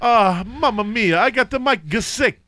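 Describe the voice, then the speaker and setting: A man's voice: sits high, animated, drawn-out words, mellow, pitched above the performer's own voice, exaggerated voice. A man putting on a goofy, over-the-top Italian accent that keeps sliding toward a vampire voice. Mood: hammy.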